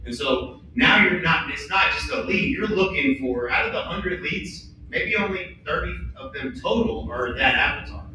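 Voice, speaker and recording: A man with an Oklahoma accent speaking on a conference panel in a conversational, energetic way. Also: mid-range voice, slight background noise. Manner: energetic, conversational, leans on "right?" and "like". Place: large event hall on a stage. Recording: echoey hall from far off.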